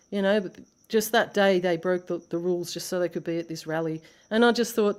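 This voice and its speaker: A woman's voice: fairly low pitch, brisk, hardly any pauses, darkish tone, smooth. Blunt Australian woman telling stories. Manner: blunt storytelling with swearing and acted-out quotes. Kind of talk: casual chat.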